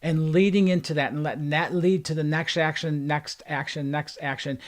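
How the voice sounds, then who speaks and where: A life coach, a man with a slightly high voice, speaks straight to his viewers in a motivational livestream. His delivery is earnest, and he stacks up repeated phrases to hammer his points home. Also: steady tone, normal speed. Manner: earnest, repetitive emphatic phrasing.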